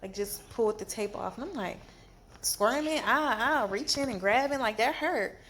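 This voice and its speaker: A woman telling a storytime vlog from a hospital bed after surgery, animated and exasperated, in pain. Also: on the high side, moderate pace, slight background noise. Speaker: vlogger.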